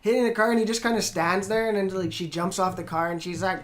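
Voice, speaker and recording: A mid-pitched podcast co-host recounts a movie scene in plain, blunt terms, sounding openly incredulous at it. The delivery is casual and conversational. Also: level tone, fast talker, echoey room. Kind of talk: casual film-review chat.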